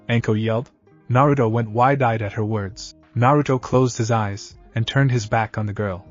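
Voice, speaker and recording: A man narrating a scripted fan-fiction story in an even, read-aloud manner. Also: medium pitch, a little fast, muffled recording, soft background music.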